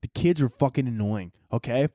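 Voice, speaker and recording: A man's voice: mid-range voice, expressive, fairly quick, warm tone, no room sound, clean studio sound. A young man hosting his own podcast, ranting casually with lots of swearing and laughing at his own jokes. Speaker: podcast host. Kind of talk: casual solo rant.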